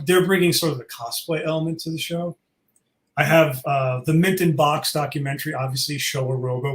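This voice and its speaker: A man chats casually in an interview as an event organizer, rambling enthusiastically with fillers. His throat is a little sore and he's sucking a cough drop. His voice is on the high side, and the low-quality recording is reverberant.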